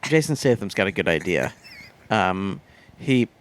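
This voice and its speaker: A man's voice: sits low, very animated, unhurried. A man co-hosting a podcast, recapping a film in casual, joking chat. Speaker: podcast co-host.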